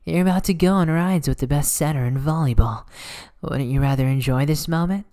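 A voice actor playing a cocky, teasing teenage boy volleyball setter in a soft, whispered role-play. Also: medium pitch, fairly quick, natural voice. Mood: playful. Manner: playful, teasing, soft-spoken. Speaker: ASMR voice actor.

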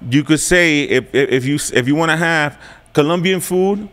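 Casual host: man, Puerto Rican New York accent, slangy and profane, quick to laugh. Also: a little high, fairly bright tone. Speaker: podcast host. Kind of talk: casual chat.

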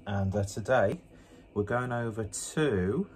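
A man with a fairly low voice talks through a beer review in a relaxed, rambling way. He breaks off now and then with joking, self-mocking asides. A faint hiss of background noise sits under his voice. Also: slow pace. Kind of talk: casual beer review vlog. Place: indoors at home with a fan running.

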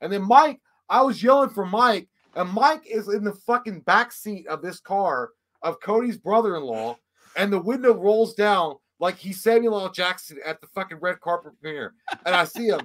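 A man in his thirties telling a rambling, profane story in casual chat and loudly acting out the other people's lines. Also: high-pitched, expressive, moderate pace. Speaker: podcast co-host.

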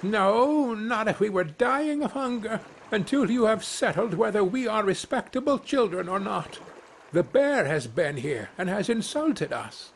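A man puts on a brood of tiny wren chicks, screaming in outrage from their nest in a storybook fable. The voice jumps far above his own. It is shrill and indignant. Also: animated, unhurried, creaky, slight background noise, exaggerated voice.

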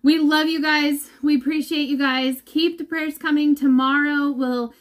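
This mother's high-pitched voice keeps a fairly even intonation and a measured pace. She is at home, giving her followers a heartfelt, emotional vlog update and talking about holding back tears.

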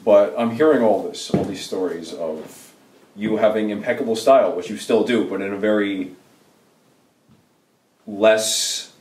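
A man's voice: lowish voice, a little slow, long pauses, darkish tone, slight background noise. A young man who talks to his father in an articulate, wry and thoughtful way during an interview. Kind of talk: casual interview chat. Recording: roomy sound from a distant mic.

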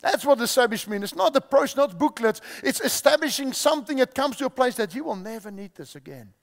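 A man's voice: very high-pitched, lively intonation, brisk, creaky. A male preacher giving a sermon, repeating key phrases and quizzing the audience, in a large church hall. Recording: long hall reverb.

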